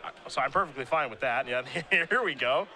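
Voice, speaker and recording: A man calling a live game play-by-play in a relaxed, conversational way. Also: mid-range voice, brisk. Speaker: play-by-play commentator.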